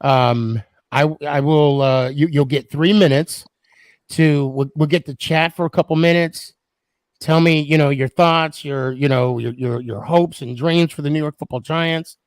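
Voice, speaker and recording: A man's voice: on the high side, fairly even intonation, measured pace, no echo. A man hosting a live podcast stream, chatting casually and laughing easily. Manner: laughs easily, friendly banter. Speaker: podcast host.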